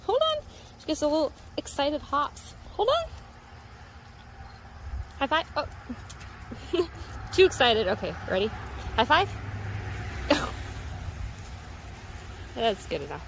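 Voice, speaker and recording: A woman's voice: high voice, very animated, slow pace, gravelly, long pauses, a little hiss or hum. A woman casually coaching her pet fox through tricks, coaxing and laughing as she goes. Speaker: pet owner. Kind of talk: casual pet training commentary.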